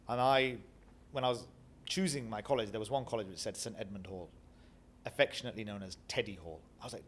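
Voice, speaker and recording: A middle-aged man from Bradford with a Northern English accent, telling animated stories as an interview guest and acting out the voices of people he quotes. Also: lowish voice, fast, slight background noise. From Bradford, England. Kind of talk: reflective storytelling interview.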